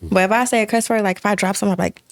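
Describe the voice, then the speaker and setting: A woman speaks as a guest in a casual interview at a middle pitch. Her talk is earnest, heartfelt and full of "like" fillers. The sound is dry and close. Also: steady tone, very fast, no echo. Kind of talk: casual chat.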